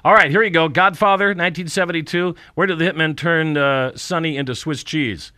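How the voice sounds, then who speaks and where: A man's voice: on the high side, brisk, sharp tone, no echo, studio quality. A man from Fargo, North Dakota, hosting a radio interview with jovial, chuckling banter and trivia questions. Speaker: radio host.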